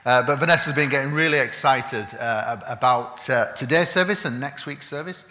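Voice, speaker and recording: Male preacher, bright chatty delivery with many "uh"s, recorded in a roomy church. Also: medium pitch, moderate pace. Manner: chatty, frequent "uh" fillers and restarts. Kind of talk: sermon.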